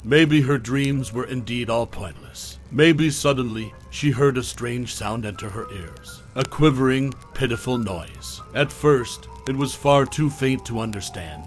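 A man giving a measured, scripted narration of a horror story. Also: mid-range voice, faint music behind.

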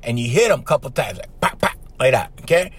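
A middle-aged man, hosting a podcast in a casual monologue. He tells stories in an animated way, keeps checking in with "right?", and has the strong voice of a trained singer. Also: medium pitch, quick pace, husky. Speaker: podcast host.

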